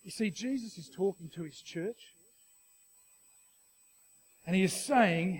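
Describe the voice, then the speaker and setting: A middle-aged Australian man preaching with an animated, storytelling delivery. His voice sits high for a man, and he often restarts his sentences. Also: measured pace, pauses often, slightly rough. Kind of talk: sermon with personal story.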